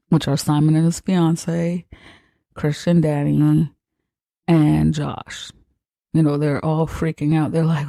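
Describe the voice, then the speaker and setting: A man hosting a podcast, retelling a horror film in a casual, animated way with exaggerated reactions. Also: on the high side, gravelly, dry recording. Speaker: podcast host.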